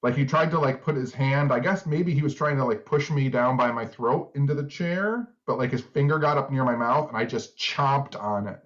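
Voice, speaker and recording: A man's voice: medium pitch, normal speed, hardly any pauses. A middle-aged man co-hosting a podcast, telling stories in a rambling casual way with lots of filler words. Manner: rambling storyteller, many "like" fillers. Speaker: podcast co-host. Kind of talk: casual chat. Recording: slightly dull lo-fi sound.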